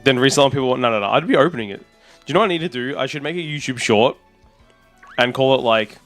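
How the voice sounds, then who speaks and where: Brief: male streamer, mid-pitched, excitable and rambling, casual chat. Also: fast talker, soft background music. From Australia. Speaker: streamer and content creator.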